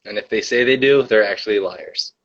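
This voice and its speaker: A man's voice: on the low side, brisk, fairly bright tone, dull audio. A young man hosting a casual livestream, telling a rambling story full of fillers and reading the chat.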